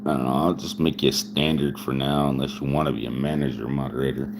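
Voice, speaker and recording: Deep-voiced rambling man in his forties. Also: fairly even intonation, fast talker, noisy background. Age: 40s. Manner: rambling, laughs often, repeats words. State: drinking whiskey while talking. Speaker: live streamer. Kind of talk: casual live-stream chat.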